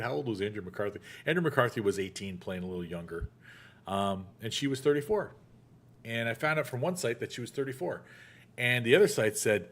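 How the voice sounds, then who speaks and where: A man's voice: medium pitch, expressive, fairly quick. A middle-aged man hosting a casual chat show, joking and laughing as he talks. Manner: chatty, joking, laughs often. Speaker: show host.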